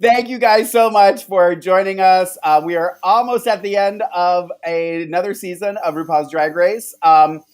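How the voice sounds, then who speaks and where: A man's voice: high voice, normal speed, hardly any pauses, clear, resonant tone. A man co-hosting a recap show, reading a scripted intro and then chatting loosely with many fillers and laughs. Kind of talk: casual chat with scripted intro.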